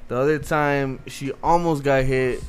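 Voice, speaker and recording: A man chatting casually and telling stories in a relaxed, profane way, laughing often. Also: medium pitch, measured pace, smooth. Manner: laid-back storytelling, swearing, laughing. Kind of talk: casual chat.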